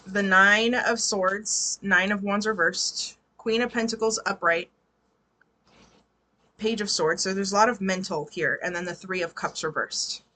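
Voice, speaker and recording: A woman's voice: mid-range voice, steady tone, a little slow, bright, forceful tone. A woman giving a casual live tarot reading, chatty and laughing often, swearing freely. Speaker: tarot reader.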